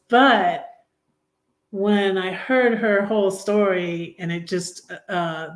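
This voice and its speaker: Middle-aged lady on a livestream, slow and rambly, chatting right at her viewers. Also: mid-range voice. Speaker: livestream host. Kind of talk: casual storytelling livestream.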